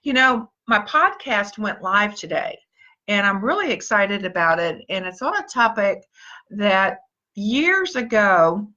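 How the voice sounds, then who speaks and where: A woman's voice: medium pitch, big pitch swings, measured pace, sharp tone, highs cut off. A woman leading a live-stream pep talk, encouraging her team and greeting viewers by name in an upbeat way. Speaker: motivational speaker and team leader.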